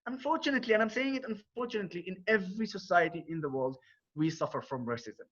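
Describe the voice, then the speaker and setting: A man's voice: high-pitched, expressive, quick pace, fairly bright tone. A man with an Arabic accent talking earnestly to a group, often repeating words as he searches for them. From Israel. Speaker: speaker on a conference call. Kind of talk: informal talk to a group. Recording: dull lo-fi call audio.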